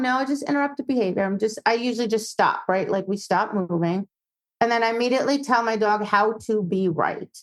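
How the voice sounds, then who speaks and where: A woman dog trainer chats as a podcast guest, her voice sitting a little higher than most. She tells stories with lots of life and slips into playful quoted voices. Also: brisk, low-quality recording. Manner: animated storytelling, acts out quoted voices. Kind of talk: casual podcast chat.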